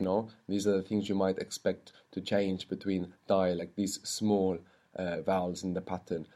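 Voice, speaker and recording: Man, low-pitched voice, language teacher, patient, explains step by step, prompts student. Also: dark tone. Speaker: Arabic teacher. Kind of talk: spoken language lesson.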